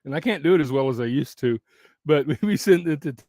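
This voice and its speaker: This man's voice sits fairly high, and he talks fast and animatedly yet with a mellow quality, captured dry and clean in a studio setting very near the mic. He's chatting live and casually with his YouTube audience from home, rambling through frequent restarts and laughter while his voice grows worn.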